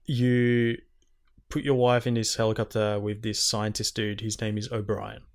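A man's voice: on the low side, moderate pace. A young man in casual chat, retelling game scenes animatedly and swearing a lot. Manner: animated, swearing, quoting characters in exaggerated voices.

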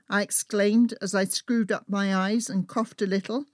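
A woman's voice: mid-range voice, no room sound, clean studio sound. Woman reading her travel memoir. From England. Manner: steady, measured storytelling. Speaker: author and narrator.

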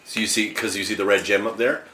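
A man's voice: lowish voice, steady tone, fast talker, pushed and bright, a little hiss or hum. A man co-hosting a casual podcast, joking and coaching friends through a video game. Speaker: podcast co-host. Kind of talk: casual chat while playing a video game. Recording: echoey room.

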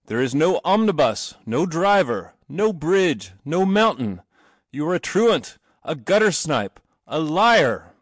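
A harsh Victorian father, loud and scornful, barks out every line as a male narrator puts him on. His voice sits higher and louder than the reader's own and swings widely in pitch. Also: sing-song, slow pace, no room sound, clean studio sound. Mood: stern. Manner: booming, scornful.

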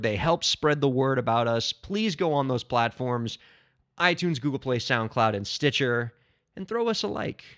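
A man hosting a podcast, talking casually and excitably, bursting into shouts and ending up out of breath. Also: medium pitch. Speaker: podcast host. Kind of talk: casual solo podcast talk.

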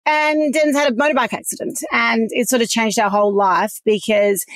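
A woman's voice: fairly high pitch, fairly even intonation, moderate pace, dry recording. An Australian woman in her forties, candidly telling a personal story, swearing freely and laughing through hard memories. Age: 40s. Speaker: podcast guest.

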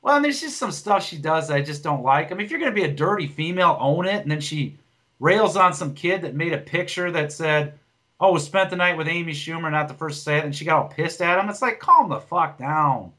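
Here a comic co-hosting a podcast talks in a brisk, expressive voice that's fairly high, pushed and bright. His casual chat is blunt and meandering, packed with swearing and restarts.

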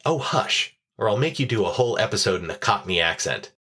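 A podcast host with a deep, husky voice reads his script with a dry, sardonic bite and swears freely. The delivery is scripted narration rather than loose chat. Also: expressive, a little fast, sharp tone. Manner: sardonic, profane commentary.

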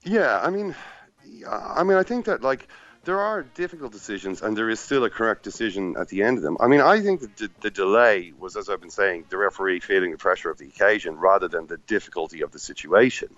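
A man on a football podcast, chatting casually and acting out players and the referee in quick asides. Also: fairly low pitch, animated, fairly bright tone, no room sound, lo-fi sound. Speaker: football pundit at the final.

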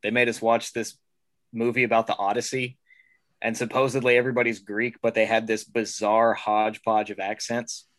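A man co-hosting a casual discussion, telling stories in an animated way and laughing as he talks. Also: fairly low pitch, normal speed, dry recording. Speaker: podcast co-host.

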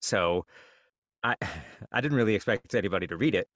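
A man chatting as a podcast guest author, relaxed and self-deprecating with a joking manner. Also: lowish voice, moderate pace, dry recording, studio quality. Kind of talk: casual interview chat.

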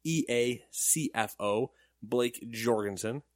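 A man's voice: medium pitch, slow, no room sound, clean studio sound. A young man co-hosting a casual gaming news podcast, joking and laughing often as he reads stories. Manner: jokey, animated, laughs often. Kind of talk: casual chat.

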